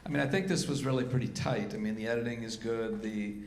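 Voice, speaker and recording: A man's voice: mid-range voice, quick pace. A man, a festival artistic director, interviewing a guest on stage, with frequent affirming backchannels. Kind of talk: onstage festival discussion. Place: festival event venue. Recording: echoey room, faint noise.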